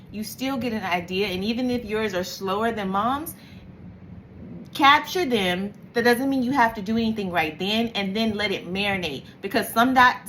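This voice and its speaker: A middle-aged woman hosting a reflective motivational talk, animated and acting out her own thoughts in little voices. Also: mid-range voice, a little hiss or hum. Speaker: host.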